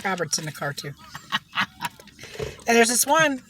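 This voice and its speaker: A woman's voice: lowish voice, lively intonation, slow pace, noisy background. Chatty gossiping woman in a car. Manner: chatty gossipy storytelling, frequent laughs. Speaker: mukbang vlogger. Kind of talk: rambling casual chat while eating.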